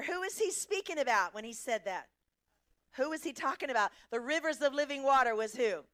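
A woman's voice: high-pitched, lively intonation, fairly quick, fairly bright tone. A middle-aged woman preaching a sermon, emphatic, asking the congregation questions and answering them herself.

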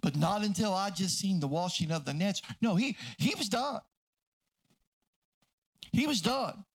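A man pastor preaching a sermon, fervent and repetitive, sometimes breaking into shouts. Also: high-pitched, expressive, unhurried, slightly rough.

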